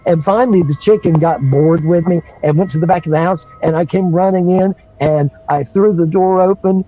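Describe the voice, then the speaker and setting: A man's voice: high voice, normal speed, mellow, dull audio, soft background music. A man, telling a story on a livestream in a rambling way, with restarts and chuckles. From North Carolina. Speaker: guest storyteller.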